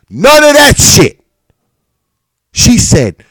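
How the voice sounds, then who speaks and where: A man's voice: high voice, slow pace, no echo. A man hosting a live talk show, telling a story in a casual, profane way and swearing freely. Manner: animated, swearing freely, rising in outrage. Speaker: host of a live talk stream.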